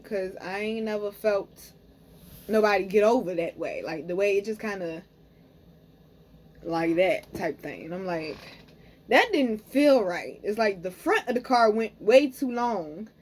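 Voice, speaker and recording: A young adult woman, a spiritual reader and vlogger, tells viewers a story in an unhurried, mid-range voice. She's animated, calls her audience "y'all," and keeps checking in with a frequent "okay?"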